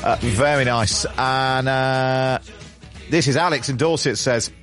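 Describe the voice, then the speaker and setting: A chatty man hosting a radio phone-in at an ordinary mid pitch. He reads out listener messages and jokes with guests, laughing easily. Faint music sits under his voice. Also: slow, a bit bright. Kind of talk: casual radio chat.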